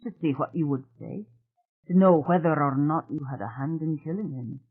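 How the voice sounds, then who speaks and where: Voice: medium pitch, normal speed, breathy edge, lightly acted. A narrator voicing a very tall, strange man who talks frankly and bluntly with odd politeness, over a tinny phone-like sound.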